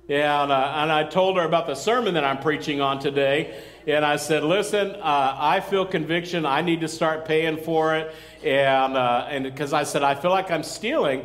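A man's voice: a little high, fairly even intonation, moderate pace, a bit bright. A male pastor preaching a sermon in a loose, conversational way, with joking asides and calls for amen.

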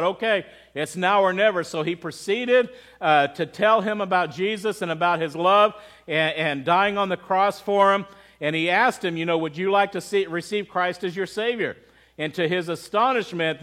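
A man's voice: high voice, fairly bright tone. A man preaching a sermon, telling a story and asking the congregation questions. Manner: storytelling with quoted voices, asks the congregation questions. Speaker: pastor.

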